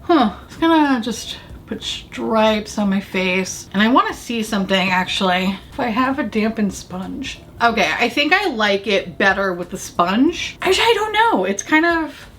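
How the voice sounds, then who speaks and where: A woman chatting through a casual makeup try-on, swearing freely and laughing often, her voice a bit rough from allergies. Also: fairly high pitch, very animated, normal speed, hardly any pauses, fairly bright tone, slight background noise. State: allergies affecting the voice. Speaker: beauty vlogger.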